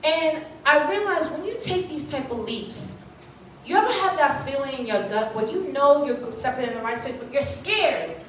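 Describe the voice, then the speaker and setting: A woman's voice: high voice, animated, moderate pace, fairly bright tone, a little hiss or hum. A Haitian-born woman in her thirties giving a motivational keynote at a conference. She speaks emphatically and keeps checking in with the audience. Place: large conference hall. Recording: echoey hall, recorded from a distance.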